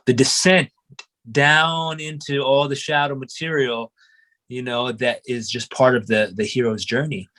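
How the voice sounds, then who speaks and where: A man's voice: mid-range voice, a bit bright. A young man, a qigong and breathwork instructor, telling his life story in a casual, reflective way, often saying "you know" and "man". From United States (grew up in Oregon).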